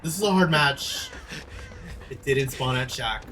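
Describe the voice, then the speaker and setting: A man's voice: medium pitch, expressive, a little slow, over music. A young man streaming a game, chatting with teammates in a dramatic, sassy way. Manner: dramatic, sassy, shrieking and laughing. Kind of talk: gaming livestream commentary.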